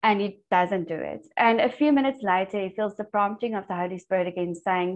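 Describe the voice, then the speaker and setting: A woman's voice: medium pitch, brisk, few pauses, a little hiss or hum. A woman leading a church discipleship group over a video call, teaching and telling stories earnestly. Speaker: Bible study group leader. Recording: dull lo-fi online call audio.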